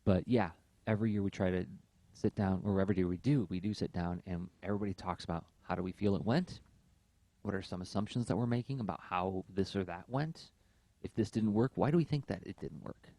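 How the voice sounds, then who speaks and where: A man with a low, gravelly voice talks through ideas in a relaxed podcast conversation, pausing often with fillers. His tone is dark and mellow. The sound is dry and close. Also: no room sound. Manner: talks in long thoughtful runs with many fillers. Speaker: podcast co-host.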